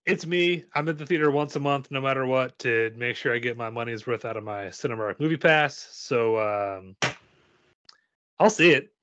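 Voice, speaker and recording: A man talks through the year's upcoming movies with his friends in a loose, jokey way, getting loud when he is excited. His voice sits at an ordinary pitch. The sound is dry and somewhat muffled, with no room around it. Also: normal speed, dry recording. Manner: jokey, rambling, loud bursts of enthusiasm. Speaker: podcast co-host leading the movie preview. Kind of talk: casual group chat about movies.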